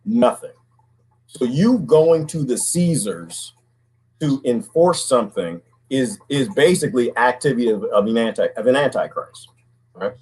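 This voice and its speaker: A man's voice: mid-range voice, sing-song, unhurried, a little mellow, husky, low-quality recording. A man talking alone in a casual, preachy monologue, often asking "right?" and repeating words. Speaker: commentary host.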